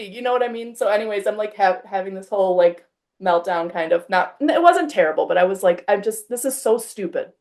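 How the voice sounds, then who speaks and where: A woman in her thirties chats casually as a podcast host. She tells an anecdote animatedly, acting out both sides of the conversation and peppering her speech with "like". Her voice sits at an ordinary middle pitch. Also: fairly quick. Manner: animated storyteller, acts out quoted exchanges, frequent "like".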